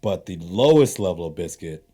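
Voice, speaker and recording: A man's voice: deep voice, animated, normal speed, dark tone. A man co-hosting a podcast in casual chat, blunt and opinionated with dry putdowns. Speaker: podcast co-host.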